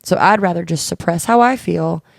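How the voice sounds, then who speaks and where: A woman co-hosts a podcast in easy, candid conversation. Her voice sits a little low with a gravelly fry running through it, and the sound is dry and close. She tells stories earnestly and slips into quoted dialogue as she goes. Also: moderate pace, dry recording. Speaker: podcast co-host.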